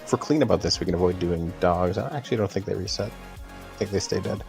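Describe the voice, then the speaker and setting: A deep, gravelly male voice giving relaxed instructions over gaming voice chat. Game music sits clearly behind him. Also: quick pace.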